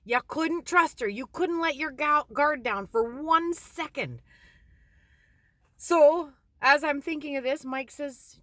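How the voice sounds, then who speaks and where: Animated woman telling stories, high bright voice. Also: unhurried, dry recording. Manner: animated, laughing, swears casually. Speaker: card reader. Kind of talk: casual storytelling.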